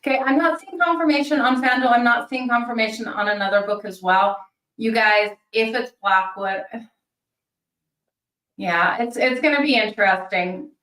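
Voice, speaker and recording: A woman hosting a daily hockey betting show, talking fast and chatty, thinking out loud with fillers. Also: a little high, recorded from a distance. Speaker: sports betting show host. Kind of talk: casual fast-paced hockey picks talk. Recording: roomy sound from off-mic.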